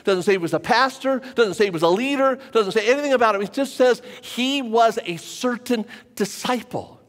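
High-voiced man preaching in a reverberant church. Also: normal speed. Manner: conversational preaching, repeats phrases for emphasis. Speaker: pastor. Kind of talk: sermon. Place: church sanctuary with a live congregation.

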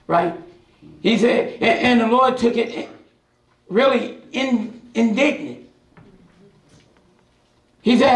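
A man's voice: extremely high pitch, unhurried, long pauses. A man teaching a Bible study class in a passionate, hollering preaching style, hammering points home with repetition. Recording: echoey room, mic at a distance.

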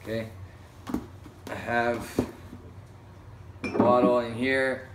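A young adult man talks through a whisky review in a relaxed, frank way, pausing on ums. His voice sits at an ordinary middle pitch and comes from a little back from the mic. The room is echoey, with faint ambience behind him. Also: heavy background noise. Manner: frank, hesitant with many ums, apologetic asides. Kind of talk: casual review vlog. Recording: roomy, slightly distant mic with faint ambience.

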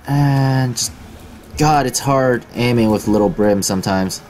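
A young man hosting a gaming video does let's-play commentary on his own gameplay, swearing often, mocking his own skill, and yelping excitedly when he gets hit. His voice is mid-range and unhurried. Soft music plays in the background.

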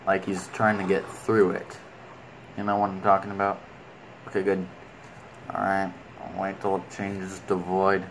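A man's voice: low-pitched, monotone, unhurried, pauses often, a little hiss or hum, rough recording. A man giving casual commentary while playing a video game, rambling and talking fondly to the creatures on screen.

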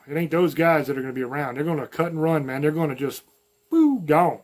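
Southern male host, light drawl, blunt and folksy, a touch higher-pitched, plainspoken monologue. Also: lively intonation, quick pace, darkish tone. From American South, mountains. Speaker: channel host. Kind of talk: opinion monologue to camera.

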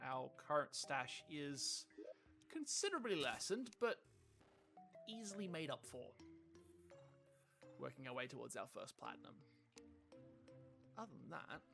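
A let's play host chatting casually and self-mockingly over gameplay, excitable and laughing often. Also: medium pitch, slow pace, vocal fry, pauses often, music in the background.

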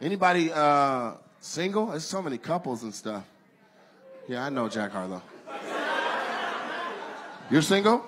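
A man's voice: fairly high pitch, animated, a little slow, long pauses. Laughing man roasting a crowd. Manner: loud, laughing, teasing audience members. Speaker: stand-up comedian. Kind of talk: crowd work stand-up. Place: large theater on stage. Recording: live theater with loud crowd.

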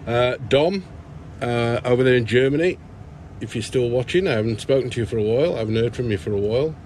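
A middle-aged man chatting casually in a vlog, rambling through shout-outs with lots of fillers and restarts. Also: medium pitch, fast, a little hiss or hum. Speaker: plant grower vlogger. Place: indoor grow tent.

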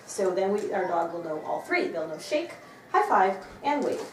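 A woman's voice: mid-range voice, big pitch swings, normal speed, slight background noise. Woman dog trainer in an echoey room. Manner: breaks off to praise the dog in a bright, loud voice. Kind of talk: demonstrating and explaining to viewers. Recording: roomy, from some distance, faint clicks.

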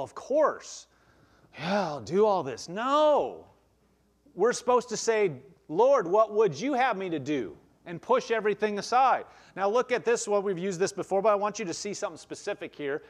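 Guy preaching in church, pretty high voice, really bouncy up and down, reads verses then explains them. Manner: explains verses aloud, frequent restarts. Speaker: pastor. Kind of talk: conversational sermon with scripture reading.

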